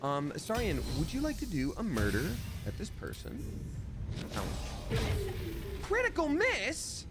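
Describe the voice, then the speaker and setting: A man's voice: fairly high pitch, wildly swooping pitch, brisk, hardly any pauses. Playful man giving game commentary. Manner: playful, silly asides and put-on voices. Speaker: streamer. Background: game music.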